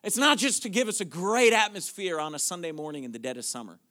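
A man pastor preaching a sermon, moving from quiet questions to loud, shouted declarations. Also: high-pitched, quick pace.

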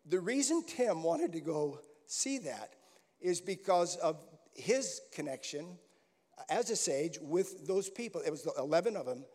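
A man's voice: fairly high pitch, sing-song, unhurried, a little mellow. An older American man preaching as a guest pastor, telling stories in a folksy way with many restarts. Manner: folksy storytelling with frequent restarts. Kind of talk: sermon. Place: large church hall. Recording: echoey hall.

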